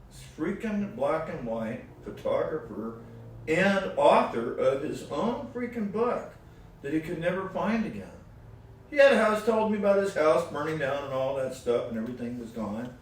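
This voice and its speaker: Rambling, animated man in an echoey room. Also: fairly high pitch. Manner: rambling, animated, swings between loud and soft. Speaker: guitar player giving advice. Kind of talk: casual storytelling chat. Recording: very echoey room, distant mic, faint noise.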